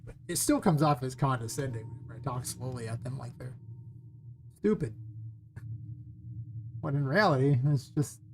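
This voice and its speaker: A man from California with a Californian accent, chatting casually and rambling quickly while streaming game development. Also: medium pitch, slight background noise. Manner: fast, rambling talker.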